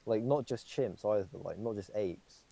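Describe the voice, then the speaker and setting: A man's voice: lowish voice, normal speed, vocal fry, dark tone, low-quality recording. A young man co-hosting a podcast, rambling through casual chat with lots of fillers and swearing. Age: young adult. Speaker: podcast co-host.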